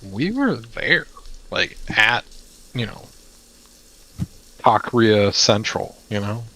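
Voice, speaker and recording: A man's voice: fairly low pitch, sing-song, slow pace, bright, forceful tone, heavily acted. A man playing a frank adventurer who bargains for his team in a loose, conversational way. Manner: loose and conversational, full of fillers.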